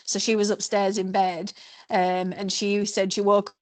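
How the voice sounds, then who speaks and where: A woman's voice: mid-range voice, flat delivery, unhurried, dry recording. A middle-aged woman, chatting in an interview in a rambling, self-deprecating way. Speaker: guest, race participant. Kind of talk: casual interview chat.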